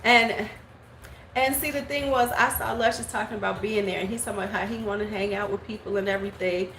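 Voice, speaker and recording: A woman in her forties chatting casually on a live stream, telling gossip and greeting viewers by name, sometimes slipping into squeaky voices to quote people. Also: steady tone, fast talker, fairly bright tone. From United States. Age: 40s. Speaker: beauty vlogger. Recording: echoey room with faint background noise.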